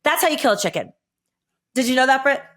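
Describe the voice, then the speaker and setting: A woman's voice: high voice, expressive, fast talker, fairly bright tone. A woman in her forties co-hosting a podcast, telling blunt, profane stories in casual chat with lots of laughter. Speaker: podcast co-host, former reality show contestant.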